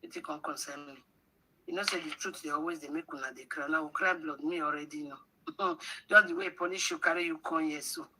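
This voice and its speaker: A woman's voice: deep voice, brisk, noisy background. A woman with a Nigerian accent hosting a livestream, scolding her audience with rhetorical questions and slipping into pidgin. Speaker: livestream host. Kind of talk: livestream commentary.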